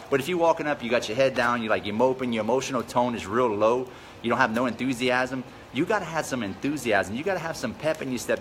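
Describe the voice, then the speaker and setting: A man's voice: medium pitch, fairly bright tone, a little hiss or hum. A man coaching real estate wholesalers on a live stream, talking energetically and greeting viewers by name as he goes. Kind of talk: casual live-stream pep talk.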